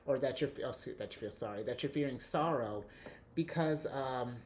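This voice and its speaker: A man giving a casual tarot reading, excitable and rambling, often restarting his sentences and laughing. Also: medium pitch, moderate pace, slight background noise. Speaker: tarot reader.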